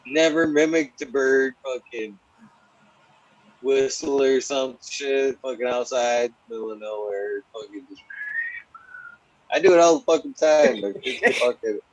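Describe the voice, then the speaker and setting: A man's voice: mid-range voice, a little slow, dull audio. A man telling stories in casual, profane podcast chat, laughing often. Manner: profane, laughing, animated storytelling. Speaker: podcast host.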